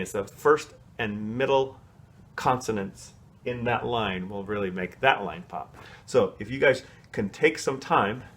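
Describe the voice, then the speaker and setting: A man's voice: medium pitch, gravelly, a bit bright. Casual man coaching young singers. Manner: casual, explanatory, sings short snatches to demonstrate. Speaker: music teacher. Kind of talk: coaching a kids' choir on song solos.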